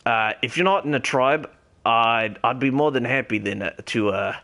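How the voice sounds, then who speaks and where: A young man in a put-on Australian accent rambles through a game session in character, cursing freely and hollering greetings at strangers. His voice sits at an ordinary middle pitch for a man. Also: moderate pace. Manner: rambling, swears a lot, calls out loudly to other players. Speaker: streamer playing as a character. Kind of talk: in-character game role-play stream.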